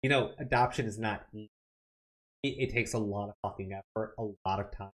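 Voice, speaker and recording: A man's voice: lowish voice, fairly even intonation, brisk. A man hosting a political commentary show, reacting to clips and news with angry, profanity-laced rants.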